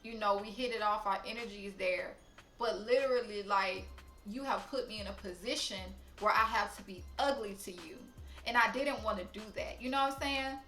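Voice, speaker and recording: A young woman telling a story to camera, blunt, profane and animated. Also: medium pitch, fairly quick, roomy sound, faint music behind. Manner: blunt, profane, animated, talks straight to viewers. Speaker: storytime vlogger.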